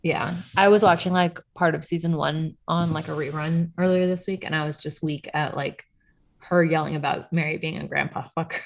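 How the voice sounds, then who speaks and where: A woman's voice: low voice, steady tone, moderate pace, vocal fry. A young adult woman co-hosting a podcast in casual chat, sarcastic, laughing often and swearing freely. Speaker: podcast co-host.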